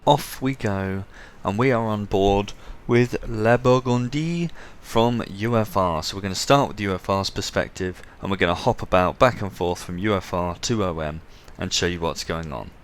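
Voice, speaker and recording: A man's voice: on the low side, normal speed, hardly any pauses, slight background noise. An English man hosting casual game replay commentary, chatty and full of joking asides. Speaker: game commentator and show host.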